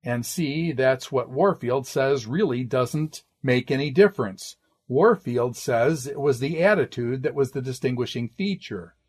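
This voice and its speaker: A man's voice: mid-range voice, husky. An older man giving a classroom lecture, working methodically through sources and marking each quotation aloud. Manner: methodical, quotes sources with "quote" and "end quote".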